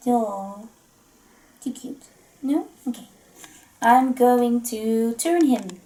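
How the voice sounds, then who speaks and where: A woman's voice: fairly high pitch, expressive, very slow, pauses often, warm tone. Giggly woman chatting through an unboxing. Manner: chatty and giggly, laughs often. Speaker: vlog host. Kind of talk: casual unboxing chat.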